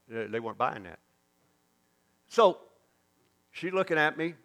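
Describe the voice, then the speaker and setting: A man's voice: on the high side, a little slow. A man with a Southern US accent, a preacher telling a story in a sermon and acting out the dialogue. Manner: animated storyteller, acts out quoted dialogue.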